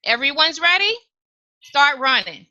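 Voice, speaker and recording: A woman voicing a brisk gym teacher calling out orders to a class. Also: high voice, animated, pushed and bright, lo-fi sound, heavily acted. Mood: commanding. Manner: brisk, commanding.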